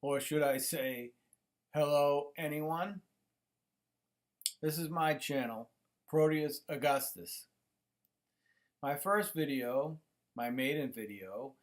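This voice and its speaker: Middle-aged guy hosting his own channel, voice a bit high, loose rambling monologue full of ums. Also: slow, long pauses. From United States. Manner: rambling, many fillers and restarts. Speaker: YouTube channel host. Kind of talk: casual monologue to camera. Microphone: computer microphone.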